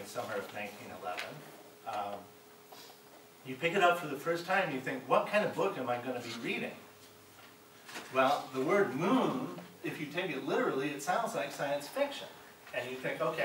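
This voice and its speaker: Bright-voiced man lecturing in an echoey classroom. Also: mid-range voice, a little hiss or hum. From Chicago. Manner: keeps checking in with "right?". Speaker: guest lecturer. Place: college classroom. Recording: echoey room, mic far off.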